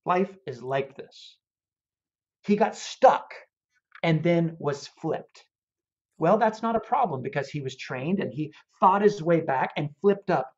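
An animated man telling a story as an interview guest. His voice swoops up and down with plenty of energy, and he talks in an earnest, heartfelt way. The audio sounds dull and lo-fi. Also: fairly high pitch, slow pace. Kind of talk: casual interview chat, storytelling.

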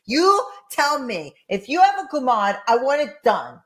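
A woman bantering on a couple's podcast, swinging her voice high and low as she stages big, theatrical outrage. Her pitch sits a little high for a woman, and she scolds her partner loudly, for comic effect. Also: very animated, a little slow. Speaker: podcast co-host.

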